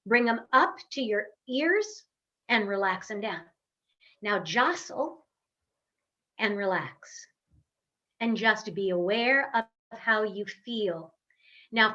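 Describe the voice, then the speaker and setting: A woman voice coach guides a workshop through a physical and vocal warm-up, speaking slowly with encouraging, drawn-out instructions. Her voice sits fairly high. It comes through a webcam with slightly dull, lo-fi audio. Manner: slow, encouraging instructions with long sung hums. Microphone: webcam on a video call.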